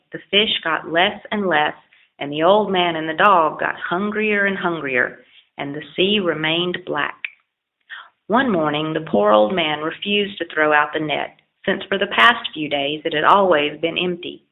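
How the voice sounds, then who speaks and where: A woman narrating a children's storybook aloud in a steady, expressive read-aloud manner. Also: low-pitched, unhurried, vocal fry. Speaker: audiobook narrator. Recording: lo-fi phone-like audio.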